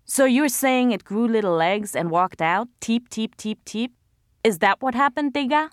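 A woman voicing a bitter, scornful older housewife in an audiobook, mocking and accusing, a little higher than her narrating voice, in a dry recording. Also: lively intonation, moderate pace, dry recording, natural voice. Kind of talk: audiobook character voice.

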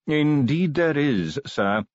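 A man's voice: a little high, lively intonation, slow, no echo, pitched above the performer's own voice. Prim polite butler guy, a man doing the voice, storybook reading, dry dull sound. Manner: formal, deferential, polite. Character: prim, smooth-spoken male butler, middle-aged.

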